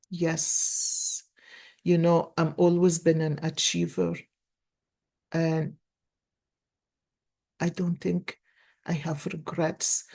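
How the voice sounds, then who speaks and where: This is a woman in her sixties doing a casual card reading for her followers. She talks slowly in a somewhat low voice. Her storytelling is earnest and animated, full of false starts and repeated words. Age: 60s. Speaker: tarot card reader and life coach.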